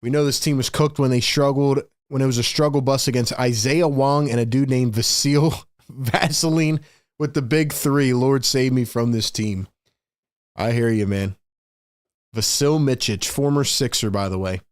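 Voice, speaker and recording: A man hosting a fan livestream, calling play-by-play in excitable, frustrated, slangy talk. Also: mid-range voice, normal speed, no echo, studio quality. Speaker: host and play-by-play commentator.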